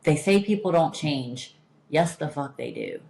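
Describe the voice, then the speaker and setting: A woman's voice: low-pitched, wildly swooping pitch, measured pace, creaky, a little mellow. A woman hosting a podcast in candid casual chat, emphatic and blunt, swearing freely. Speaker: podcast host.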